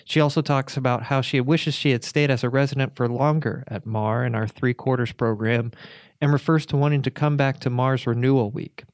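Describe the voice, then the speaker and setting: A man's voice: medium pitch, steady tone, a little fast, dry recording, clean studio sound. A man hosting a podcast, reading narration and asking questions attentively. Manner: attentive, frequent short affirmations. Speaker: podcast host. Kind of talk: podcast interview and scripted narration.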